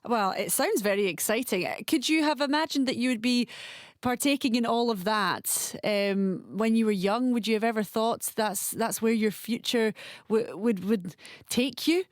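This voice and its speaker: A woman's voice: fairly high pitch, normal speed, dry recording, clean studio sound. A woman presenter interviewing a guest, asking polite, encouraging questions. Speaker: radio presenter.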